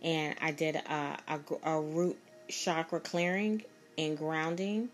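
A woman's voice: deep voice, steady tone, slow pace. A woman telling a personal story in a casual, rambling, emphatic way, repeating herself as she goes. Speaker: vlogger.

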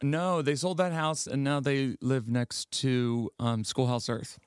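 Brief: man from Maryland, casual podcast guest, lively storyteller, dry close sound. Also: medium pitch, a little slow, smooth, no echo. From Garrett County, Maryland. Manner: animated storyteller, acts out quoted voices. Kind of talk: casual chat.

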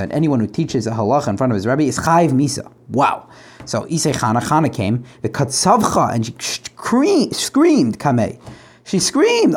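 A man's voice: a little high, a little mellow. A man teaching a Talmud page aloud, translating line by line, asking rhetorical questions and restarting phrases.

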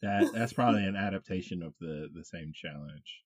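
Man, podcast co-host, low voice, dry dead-sounding recording, laid-back. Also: fairly quick, dry recording. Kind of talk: casual chat.

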